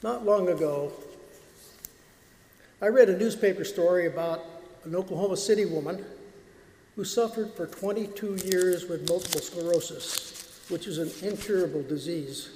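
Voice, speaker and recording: A man preaching as a priest, reading scripture and giving a homily in a measured, earnest way. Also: sits high, dark tone. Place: church. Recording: echoey church with long reverb.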